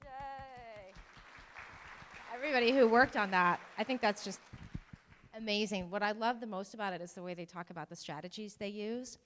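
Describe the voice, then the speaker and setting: A woman's voice: mid-range voice, normal speed, a bit bright, a faint crowd. Chatty woman presenter in a reverberant hall. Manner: conversational, with ums and self-deprecating asides. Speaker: presenter at a parent workshop. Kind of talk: informal talk to parents.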